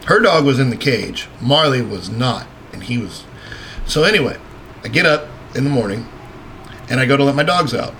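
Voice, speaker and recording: There's slight background noise as this man, co-hosting a casual talk show, tells a laid-back story full of swearing and frequent laughter. He sounds animated, with a mid-range, fairly bright voice at a moderate pace.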